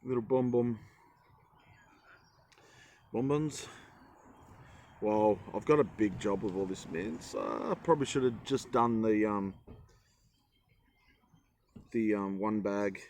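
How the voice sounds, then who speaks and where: Rambling, jokey man with a low voice. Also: slow, long pauses, darkish tone, slight background noise. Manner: rambling, self-mocking, jokey. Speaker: travel vlogger. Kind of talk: casual chatty vlog. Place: outdoors in a forest.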